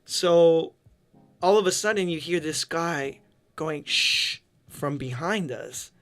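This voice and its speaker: A man co-hosting a podcast, telling an animated anecdote in casual chat. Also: a little high, slow. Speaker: podcast co-host. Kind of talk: casual storytelling.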